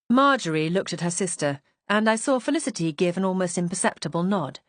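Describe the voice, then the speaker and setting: Female audiobook narrator, mid-pitched, composed and wry, dry studio sound. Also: lively intonation, brisk, no echo. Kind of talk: first-person mystery narration.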